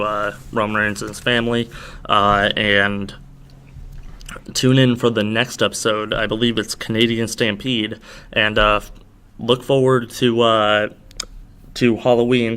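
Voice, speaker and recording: A man's voice: fairly low pitch, little pitch movement, moderate pace, bright, forceful tone, smooth. A young man hosting a podcast, rambling through a wrestling recap with lots of fillers, tired and slurring a little. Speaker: podcast host. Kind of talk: casual solo recap.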